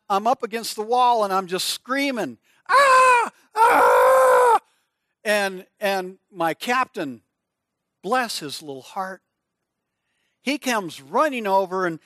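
A middle-aged man with a high, bright voice preaches in an unhurried, animated storytelling way. He acts out screams and little voices as he goes. The sound is close and dry. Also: dry recording. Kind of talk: storytelling sermon.

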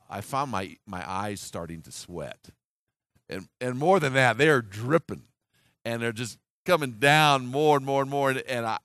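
A man in his sixties preaches through a personal story, earnest and halting, often restarting his sentences. His pitch rises and falls in wide swings as he goes. The sound is dry and close, with no room around it. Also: a bit bright, no room sound. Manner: earnest storytelling with many restarts and acted quotes. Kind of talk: sermon storytelling.

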